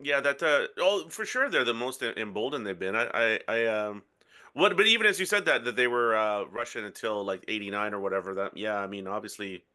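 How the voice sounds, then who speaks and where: A man's voice: on the low side, animated, brisk, sharp tone. A man on a casual comedy podcast, riffing on jokes in a dry way. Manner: dry joking riffs. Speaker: podcast co-host.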